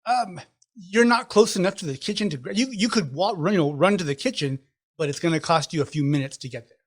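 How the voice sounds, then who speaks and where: A man's voice: sits high, expressive, fast talker. A man as game master, describing scenes and walking a player through the rules step by step. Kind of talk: narrating a tabletop game.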